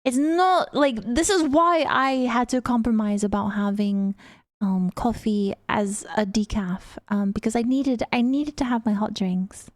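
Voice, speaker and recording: A woman's voice: fairly high pitch, unhurried, dry recording, studio quality. A young woman streaming, chatting casually and affectionately with viewers.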